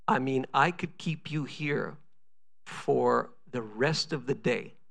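Male pastor, middle-aged, gravelly voice, storytelling sermon, acts out quoted voices. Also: mid-range voice.

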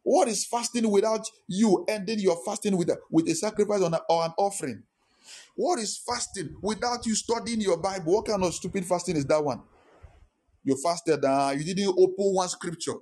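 A man's voice: high voice, moderate pace, a little mellow, slightly rough. A male pastor, preaching a sermon with impassioned rhetorical questions.

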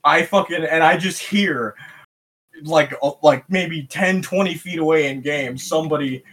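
A man from West Michigan, a podcast guest telling a story in a lively, profane way and acting out the voices of people he quotes. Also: on the high side, measured pace. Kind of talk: casual storytelling.

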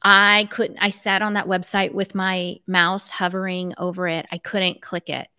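A woman's voice: on the low side, a little slow, clear, resonant tone. A middle-aged woman, a life coach, telling a personal story in conversation and acting out remembered dialogue. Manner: animated, acts out remembered dialogue.

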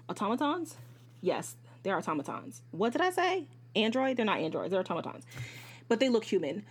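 A woman hosting a podcast, giving a casual, candid book review. She swears freely and often jumps into asides and corrects herself. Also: medium pitch. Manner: animated, jumps between asides and self-corrections. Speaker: podcast host reviewing books.

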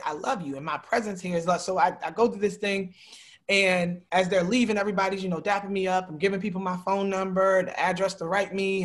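A man's voice: sits high, fairly bright tone. A man from Baltimore telling a story in a casual conversation and acting out the people he quotes. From Baltimore, USA. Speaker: guest, community organizer.

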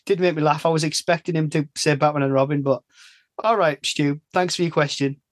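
A man's voice: fairly high pitch, steady tone, brisk, no echo. Chatty English man, bone-dry sound. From England. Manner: chatty, rambling, self-interrupting. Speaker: podcast host. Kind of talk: casual chat.

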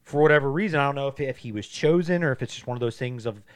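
A man co-hosts a casual movie podcast, retelling scenes with lively acted-out quotes. His voice sits in a middle register. The delivery is loose and conversational, full of filler words. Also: medium pitch, very fast, smooth. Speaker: podcast co-host.

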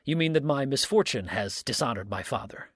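A man's voice: mid-range voice, expressive, brisk, fairly bright tone, husky, no room sound, clean studio sound. A man voicing a shaken, pleading sheriff. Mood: distressed. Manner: pleading, emotional outbursts. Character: anguished disgraced middle-aged sheriff.

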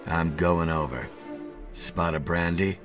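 A man voicing a calm, daring daydream hero who speaks softly and evenly. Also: low voice, slow, music in the background. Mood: cool. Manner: calm, soft, clipped.

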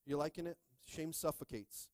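A middle-aged man preaching a sermon with lively energy, often checking in with the congregation. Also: on the high side, moderate pace, no room sound. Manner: energetic, repeatedly asking "are you with me?". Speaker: pastor.

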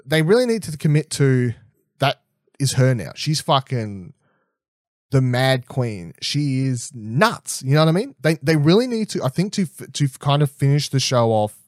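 A young man chatting casually as a podcast co-host, rambling and animated, swearing freely and restarting often. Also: mid-range voice, moderate pace, no echo, clean studio sound. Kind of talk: casual chat, TV episode predictions.

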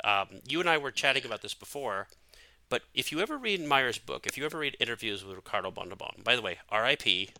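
A man's voice: lowish voice, bright, forceful tone, no echo. A man hosting a podcast, chatting animatedly about an old film with lots of fillers. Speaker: podcast host. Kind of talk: casual film chat.

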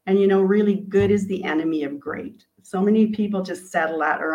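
A woman's voice: mid-range voice, a little fast, hardly any pauses, a little mellow, poor audio. A woman, an author and coach, animatedly retelling her storybook in an interview and acting out its quotes.

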